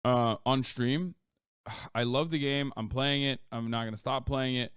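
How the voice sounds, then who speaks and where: A male streamer talks in loose, profanity-laced chat that climbs sharply in pitch whenever he gets heated. His voice is smooth and resonant, and the recording is close and dry with no room sound. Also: fairly even intonation, measured pace, no room sound. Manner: profane, rambling, with sudden loud jumps in pitch. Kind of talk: casual live-stream chat.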